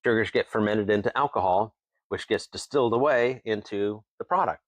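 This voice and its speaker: A man's voice: lowish voice, dry recording. A man from Washington State, a distillery owner, telling folksy stories as a guest in a casual interview, chuckling between lines and acting out what other people said. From Tenino, Washington. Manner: lively storyteller who acts out other people's lines.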